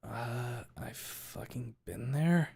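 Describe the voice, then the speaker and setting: Brief: gruff young tailed creature guy, swears casually, measured pace, man voicing him during a read-aloud. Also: medium pitch, lively intonation, a little mellow, heavily acted. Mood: nervous. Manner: growling, blunt, swears casually.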